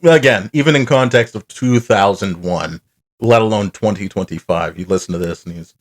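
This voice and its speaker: A man's voice: on the low side, normal speed. A man co-hosting a cartoon podcast, retelling the plot in rambling, profane, casual chat. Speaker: podcast co-host.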